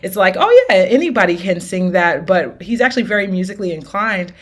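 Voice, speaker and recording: A woman's voice: medium pitch, very animated, brisk. A woman teaching an R&B singing lesson with demonstrations, upbeat and encouraging, often checking in with her students. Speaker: vocal coach.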